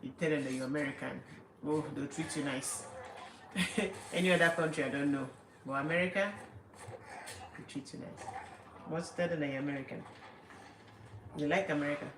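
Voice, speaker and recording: A woman's voice: sits low, moderate pace, pauses often. A woman with an Angolan accent chatting casually on a livestream, laughing often and mimicking people mockingly. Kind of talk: casual chat. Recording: echoey room, faint background noise.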